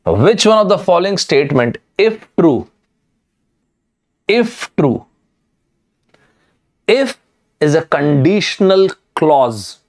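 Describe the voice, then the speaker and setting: A man's voice: a little high, very animated, takes it slowly, long pauses. A man teaching a live online lesson, emphatic and addressing students directly, repeating key words. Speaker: online exam-prep teacher.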